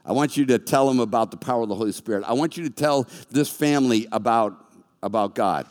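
Animated pastor preaching in a reverberant hall. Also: male voice, medium pitch, quick pace. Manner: animated storytelling, acts out voices. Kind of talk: sermon. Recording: long reverb of a large hall.

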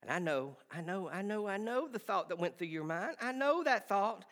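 A man preaching a sermon with impassioned delivery that swings between shouting and hushed pleading. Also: high voice, expressive, moderate pace, big-room sound.

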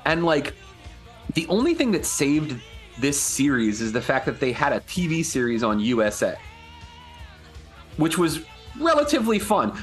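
A man co-hosting a casual podcast, talking with animated energy and frequent swearing. His pitch swoops up and down a lot as he gets worked up, and he laughs readily between points. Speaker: podcast co-host. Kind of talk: casual chat.

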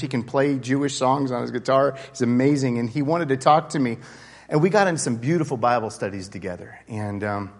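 A man teaching a small Bible study in an earnest, conversational way, his sentences often restarting as he builds to a point. His voice sits at an ordinary middle pitch, and a long reverb trails behind it in the room. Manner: earnest, conversational, with frequent restarts and rising intensity.

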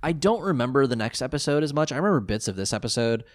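A man co-hosting a podcast, chatting casually as he recaps an episode and jumps up high when reacting. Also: animated, fast, crowd noise. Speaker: podcast co-host.

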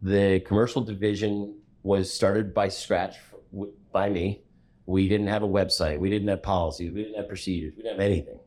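A middle-aged man, a commercial real estate broker, telling stories from his career in a relaxed interview. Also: low-pitched, moderate pace. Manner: animated storyteller who acts out the people he quotes. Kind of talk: storytelling in a conversational interview.

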